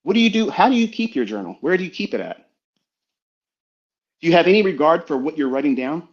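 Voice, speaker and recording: A trading mentor delivers an emphatic, preachy motivational talk full of profanity on a live audio stream, heard through dull lo-fi online audio. His voice is a little high and sing-song, moving fairly quickly.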